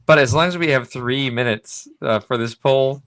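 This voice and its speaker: A man's voice: medium pitch, normal speed, fairly bright tone, dry recording. A man hosting a casual chat show, laid-back and dry in his joking. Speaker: host.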